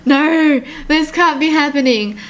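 A frightened, gravely ill young girlfriend from a text-message story, read out by a woman. She sounds soft and fragile, with a high voice. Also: a little slow. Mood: scared.

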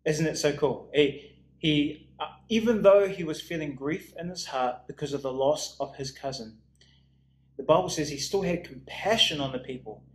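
A man pastor giving a recorded sermon in a warm, conversational preaching manner that drops soft in prayer. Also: on the high side, moderate pace, roomy sound.

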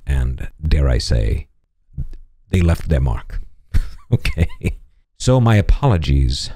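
A man's voice: very deep voice, vocal fry, warm tone, husky, dry recording, clean studio sound. A man hosting a word-of-the-day show in a wry, mock-formal comic delivery. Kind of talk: comic scripted presentation.

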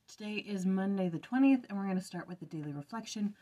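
A woman's voice: mid-range voice, darkish tone, husky. A woman hosting an early-morning scripture study, chatting casually and thinking aloud as she reflects.

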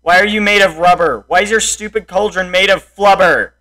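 A young man in raging gameplay commentary, frustrated, swinging between muttered complaints and loud shouts at the game. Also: sits high, fairly quick. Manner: frustrated, yelling and insulting the game. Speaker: gameplay streamer.

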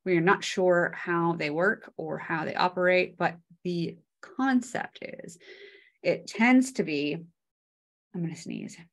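A woman's voice: fairly low pitch, takes it slowly. A woman giving a casual, chatty microbiology lecture, with many fillers and homely analogies.

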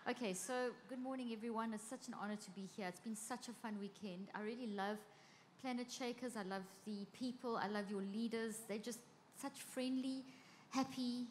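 A woman's voice: a little high, steady tone, moderate pace. A woman who is a cognitive neuroscientist giving an enthusiastic conference talk on stage. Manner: bubbly, enthusiastic. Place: large conference hall with audience. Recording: long hall reverb, faint crowd noise.

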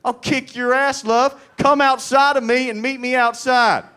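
A man voicing a loud, brash, hot-tempered redneck man who shouts his defiance in a belligerent drawl. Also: sits high, moderate pace, voice pushed up.

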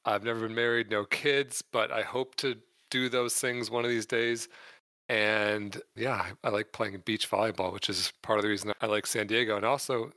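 A man's voice: lowish voice, steady tone, normal speed, bright, forceful tone, dry recording. An American man from Michigan, in his thirties, speaking as a podcast guest in a friendly, earnest way. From Michigan, United States. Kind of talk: podcast interview.

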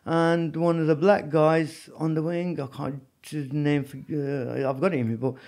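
Animated high-voiced man. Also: a little slow. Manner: animated, peppered with "you know what I mean". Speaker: podcast guest, former prisoner. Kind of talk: storytelling in a casual interview.

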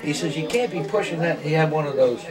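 An older man spins rambling, folksy anecdotes over lunch at home, performing the voices of the characters. He speaks quickly and animatedly in a higher-pitched voice, recorded from a distance at a noisy table with crowd noise, clinking dishes and cutlery, and people nearby.

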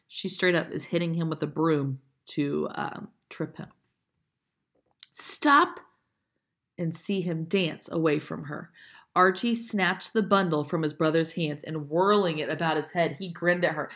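A woman reads a children's historical novel aloud, expressive and lively, correcting small slips as she goes. Her voice sits slightly low, and now and then she stops to explain a detail to her listeners. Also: normal speed. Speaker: reader reading a chapter book aloud. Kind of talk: read-aloud narration with asides.

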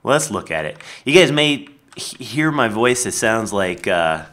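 A man chats his way through a game build, slow and unhurried. His pitch swings up and down all the time, and keyboard typing clicks behind him. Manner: chatty, lively, talks while building. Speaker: Minecraft let's player. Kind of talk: casual gameplay commentary.

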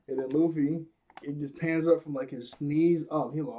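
A young man with a fairly high, warm and mellow voice chats through an anime episode recap. He laughs often and slips into character voices to act out scenes. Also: steady tone, normal speed. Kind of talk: casual recap commentary.

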